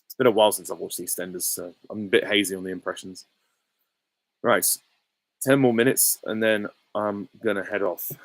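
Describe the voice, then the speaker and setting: A man with a lowish voice, talking casually through viewer questions on a livestream. He rambles, restarts and fills gaps with ums. The sound is dry and close, with no room around it. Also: steady tone, normal speed, no echo, rough recording. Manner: rambling, many fillers and restarts. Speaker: YouTube host answering viewer questions.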